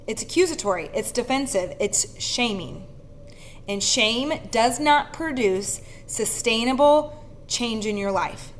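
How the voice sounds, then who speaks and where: A woman's voice: a little high, slight background noise. Earnest woman coaching. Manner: earnest, coaching, lively with quick laughs. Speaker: speaker and leadership facilitator. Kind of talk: casual talk to camera.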